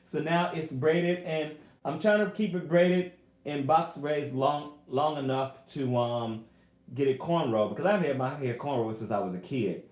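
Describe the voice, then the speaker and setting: A man speaks earnestly to his viewers on a casual home live stream, his voice sitting a little high. He gets emotional and animated as he calls out to them as y'all. The webcam sound carries a noticeable room echo. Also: unhurried. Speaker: YouTuber and singer.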